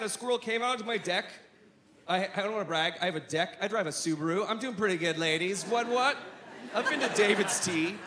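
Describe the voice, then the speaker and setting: A man performing a stand-up comedy set on a club stage, animated and bursting into shouts, with audience laughter behind him. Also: high-pitched, background noise.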